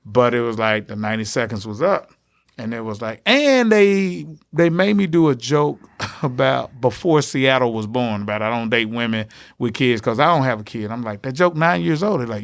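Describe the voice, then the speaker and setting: A man telling a comedy story in an interview, his voice gravelly and set a little high. He leaps up and down in pitch as he plays every character himself. The audio is slightly muffled. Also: animated, normal speed. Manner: acts out other people's lines with big pitch jumps. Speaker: comedian guest. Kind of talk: animated storytelling in a podcast interview.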